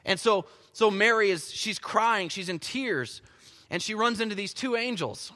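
A man preaching a sermon as pastor, telling the story with animated energy and dropping to soft, quiet stretches. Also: high-pitched, unhurried. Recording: long hall reverb.

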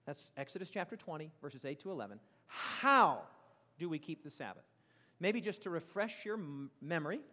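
Man, pastor preaching, high-pitched, animated, swinging loud and soft, long reverb in a church hall. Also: normal speed. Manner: animated, questions the congregation, big swings in pitch and loudness. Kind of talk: sermon. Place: church sanctuary.

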